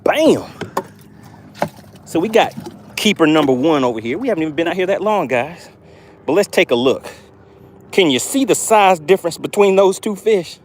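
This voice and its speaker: A man hosting a live fishing stream from a boat outdoors, excitably narrating his catch and reading chat aloud. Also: sits high, moderate pace, long pauses, slight background noise. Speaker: fishing livestream host.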